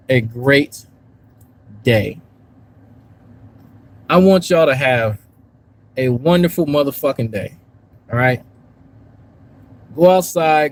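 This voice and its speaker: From a park and later a parked car, a YouTube commentary streamer rambles and swears to his live chat in a casual stream. His voice is fairly high-pitched, and the recording is low quality.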